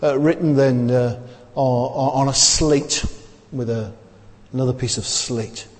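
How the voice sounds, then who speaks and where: A man's voice: mid-range voice, fairly even intonation, slow, in a large hall. A man preaching a sermon with emphasis, often repeating his phrases and putting questions to his listeners.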